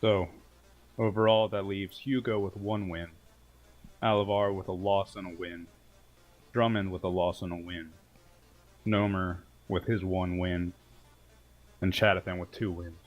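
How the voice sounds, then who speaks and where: Man, low voice, casual game master narrating a tabletop battle. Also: level tone, measured pace, pauses often, highs cut off. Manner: casual, storytelling, joking.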